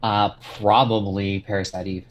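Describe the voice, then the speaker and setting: A man's voice: lowish voice, level tone, moderate pace. A man who streams games, chatting casually in a group and joking at his own expense. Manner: joking, self-deprecating.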